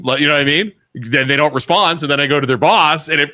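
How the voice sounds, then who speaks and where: Male co-host, Ohio accent, blunt storyteller, bright tone, close dry studio sound. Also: a little high, a little fast, hardly any pauses, dry recording. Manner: blunt, animated storytelling, acts out quotes. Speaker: co-host, mortgage broker. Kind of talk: casual radio talk show chat. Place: small studio.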